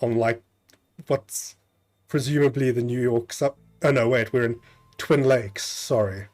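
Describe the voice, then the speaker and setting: A man's voice: medium pitch, steady tone, unhurried, a little mellow. Man casually narrating a game stream. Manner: swears, chats, reads game text aloud. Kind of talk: casual gameplay commentary.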